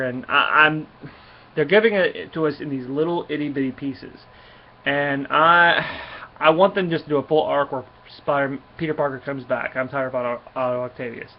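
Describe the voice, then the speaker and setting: A man casually reviewing a comic book, rambling along with lots of fillers and restarts. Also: on the high side. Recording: dull lo-fi recording with faint hiss.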